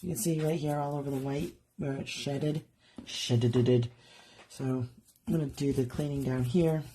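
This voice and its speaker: A woman's voice: sits low, fairly even intonation, fairly quick, dark tone, a little hiss or hum. A woman doing a live craft demonstration from her studio, chatting and thinking aloud as she works. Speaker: jewelry artist demonstrating live. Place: home art studio.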